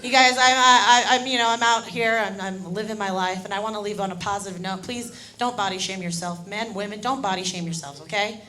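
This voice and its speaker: A woman performing a stand-up comedy set on a club stage, telling stories in an animated way and acting out the people in them. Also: mid-range voice, brisk, hardly any pauses. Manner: animated storytelling, acting out drunk voices.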